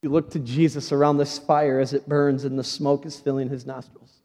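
A man's voice: mid-range voice, little pitch movement, a little fast, dark tone. Man preaching in a big reverberant church. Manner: dramatic storytelling, acting out quoted voices. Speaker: pastor. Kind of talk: sermon. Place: church sanctuary. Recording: large hall reverb.

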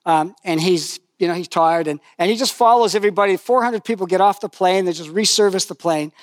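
Older male preacher, high-pitched and chatty, dry close-miked sound, storytelling sermon with humor. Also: a little fast, dry recording. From lived in New Zealand for decades.

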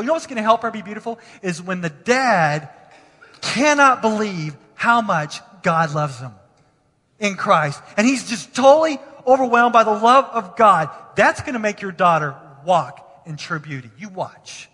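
A man preaching a sermon as pastor in a church, passionate and moving between hushed lines and emphatic ones. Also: sits high, expressive, normal speed. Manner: impassioned, swinging from hushed to emphatic. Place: church sanctuary. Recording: long reverb of a large hall.

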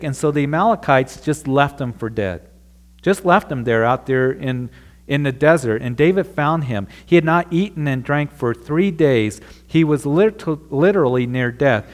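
A man preaching a sermon in a church room, reading a passage aloud and then explaining it earnestly to the congregation. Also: medium pitch. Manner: earnest preaching, reads scripture then expounds it. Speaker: pastor.

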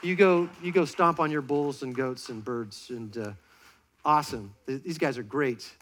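A man preaching a sermon from a church stage to a congregation, lively and joking as he directs volunteers. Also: mid-range voice, moderate pace. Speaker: pastor.

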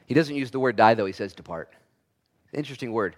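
A man preaching a sermon as pastor, swinging between loud emphatic bursts and quiet asides, and acting out voices in quoted lines. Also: on the low side, fast talker.

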